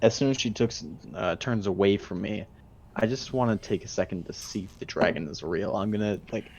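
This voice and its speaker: A man's voice: fairly low pitch, a little fast, a little mellow, muffled recording, slight background noise. A man playing a tabletop game, giving short, dry replies and describing his character's moves. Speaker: player. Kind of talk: casual chat at a game table.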